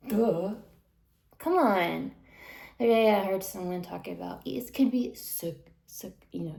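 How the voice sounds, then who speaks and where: A woman with a gravelly, mellow voice rants indignantly to her viewers. She keeps dropping into hushed, whispered asides. Her voice carries a roomy echo. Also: on the low side, a little slow, long pauses. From United States. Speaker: vlogger. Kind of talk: ranting monologue to camera.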